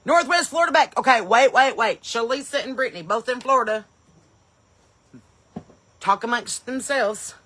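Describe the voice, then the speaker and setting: Hosting a live stream, this comedian and podcast host sounds bright and forward, with a fairly high pitch, a moderate pace, and frequent pauses. She shouts out viewers' places with eager, loud bursts, then talks on in a relaxed, chatty way.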